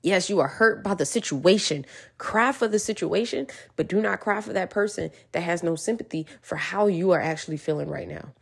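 A woman's voice: fairly low pitch, gravelly, husky. A woman giving an earnest, encouraging motivational talk straight to her listeners, repeating reassurances as she goes. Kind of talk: casual motivational monologue.

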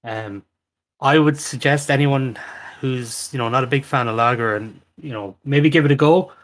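A man's voice: mid-range voice, moderate pace. A man co-hosting a podcast, talking bluntly and emphatically and repeating himself. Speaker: podcast co-host. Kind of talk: casual chat.

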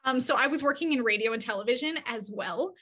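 A woman being interviewed, telling stories in a casual, animated way and acting out quoted dialogue. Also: fairly high pitch, fast. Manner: many fillers and restarts, chatty. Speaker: agency CEO, interview guest. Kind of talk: casual conversational storytelling.

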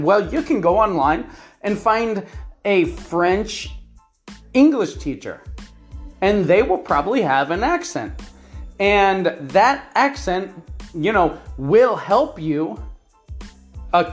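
An online English teacher speaking straight to learners, counting off reasons in turn and often checking in with "right?". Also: medium pitch. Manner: enthusiastic, repeats "right?" and lists points by number. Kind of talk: talking-head advice to learners.

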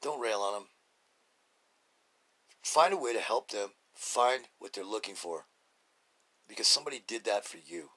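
A man's voice: fairly low pitch, normal speed, pauses often, bright, forceful tone, husky. A middle-aged man hosting a podcast, talking in a blunt, rambling casual monologue full of fillers and restarts. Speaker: podcast host.

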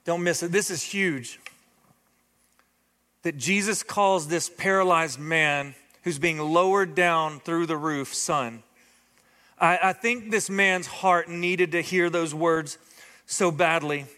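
A pastor delivers a fervent sermon in a church sanctuary, rising to urgent, emphatic appeals to his congregation. His voice is on the high side, pushed and bright, and he speaks slowly. Long hall reverb from the sanctuary fills the recording.

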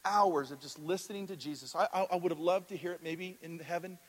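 Man, pastor, sermon, storytelling, asks the congregation questions, high pitch, long hall reverb. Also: fairly even intonation, brisk, husky. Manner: storytelling with audience questions, frequent restarts.

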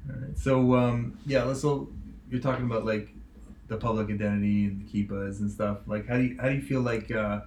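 A man's voice: fairly low pitch, fairly even intonation, brisk, a little mellow, echoey room, slight background noise. A man hosting a casual chat, easygoing and full of "like" and "um" as he steers the talk. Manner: easygoing, lots of fillers like "like" and "um".

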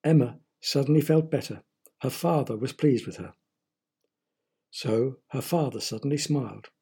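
A man reading a children's story aloud in a gentle, explanatory manner. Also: mid-range voice, normal speed, slightly rough.

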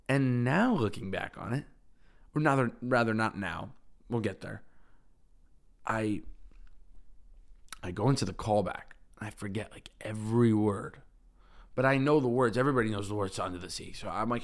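This young adult podcast host speaks at a normal pace in a mid-range voice. His solo talk is relaxed and cheerful but meandering, full of false starts and self-corrections.

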